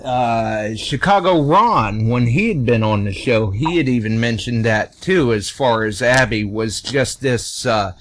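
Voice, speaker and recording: A man's voice: mid-range voice, lively intonation, a little slow, hardly any pauses. A man hosting a radio call-in show, chatting with guests and taking calls. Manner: conversational, takes calls. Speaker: radio host.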